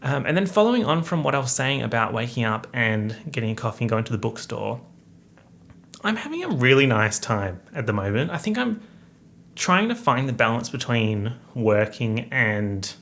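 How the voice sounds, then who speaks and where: A man's voice: mid-range voice, sing-song, moderate pace, gravelly, fairly bright tone. A young man, hosting a casual solo podcast chat full of playful slang and asides. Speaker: podcast host.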